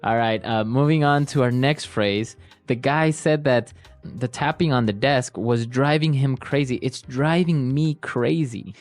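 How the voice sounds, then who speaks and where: A man's voice: mid-range voice, measured pace, soft background music. A man hosting an English lesson podcast, moving through the phrases with short prompts and recaps. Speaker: podcast host and English teacher.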